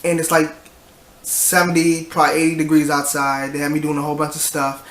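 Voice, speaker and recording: A man's voice: fairly high pitch, monotone, fairly quick, fairly bright tone, echoey room. A tired young man, rambling and sighing as he tells a vlog story about his work day. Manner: tired, rambling, frequent restarts and sighs. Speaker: vlogger.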